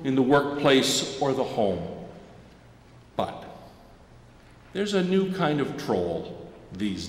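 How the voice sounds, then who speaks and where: A male pastor delivers a sermon, spinning a children's tale with animated storytelling. His voice sits a little high. The sanctuary gives it a roomy, long-tailed echo. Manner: animated storyteller, inviting the congregation to join in. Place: church sanctuary. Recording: echoey church sanctuary.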